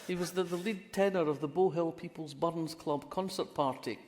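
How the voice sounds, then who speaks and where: Amid crowd noise, a woman with a lowish voice speaks at a moderate pace. She is a crime writer in her sixties from Fife, a guest in a live conversation on a festival hall stage, telling wry stories in a polished Scottish accent with many restarts, all under long hall reverb.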